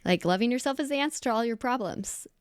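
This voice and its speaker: A woman's voice: a little high, expressive, quick pace, clear, resonant tone, no echo, studio quality. A woman hosting a casual podcast chat, talking in a chatty, easygoing way and laughing easily. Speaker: podcast host.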